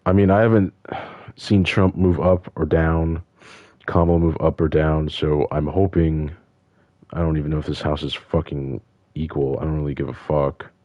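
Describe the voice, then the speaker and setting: A man's voice: very deep voice, little pitch movement, normal speed, no room sound, dull audio. An upset man from the United States ranting in frustration and swearing constantly. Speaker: vlogger. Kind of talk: angry casual rant.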